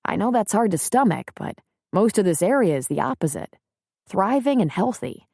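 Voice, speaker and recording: A woman voicing a calm, plainspoken small-town man in an audiobook reading, with steady, reassuring delivery. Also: mid-range voice, normal speed, gravelly, dry recording, clean studio sound.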